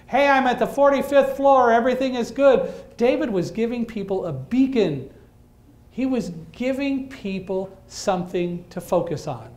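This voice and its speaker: A man giving a talk to an audience, telling a story in a lively way with dry humor and acting out the lines of people in it. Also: high-pitched. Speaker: guest speaker.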